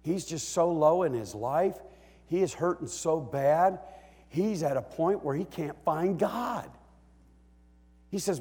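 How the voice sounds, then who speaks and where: A man preaching a sermon as a pastor, swinging from quiet talk to loud bellowing as he acts out a psalm writer's cries. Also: a little high, animated, takes it slowly, long reverb tail.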